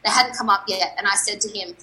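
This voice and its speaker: A woman's voice: mid-range voice, fast talker, sharp tone, poor audio. A young adult woman, an athlete guest on a podcast, telling a story candidly and animatedly and quoting her own thoughts.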